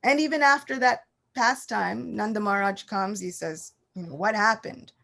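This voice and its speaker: A woman giving a scripture class, telling the story in a lively, animated way. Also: mid-range voice, normal speed, creaky.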